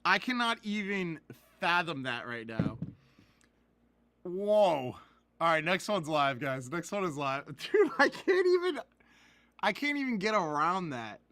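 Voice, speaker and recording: A young man hosting a live card-pack opening stream, talking to chat from a laptop mic and bursting into laughs and shouts. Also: high voice, big pitch swings, a little slow, dry recording. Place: indoors at a computer. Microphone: laptop camera mic.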